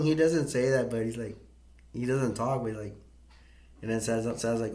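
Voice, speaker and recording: A man's voice: mid-range voice, fairly even intonation, moderate pace, a little mellow. A man casually retelling a film as a reviewer, rambling with many fillers and restarts and chuckling often, in an echoey room. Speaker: movie reviewer.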